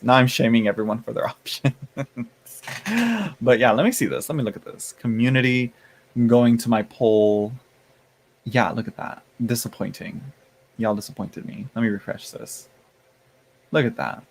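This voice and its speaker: A man's voice: medium pitch, a little hiss or hum. Tired, chatty man live-streaming. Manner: rambling, chatty, with many fillers and restarts; playful sass, addresses chat as y'all and honey. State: tired, yawning. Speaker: tarot streamer. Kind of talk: casual live-stream chat.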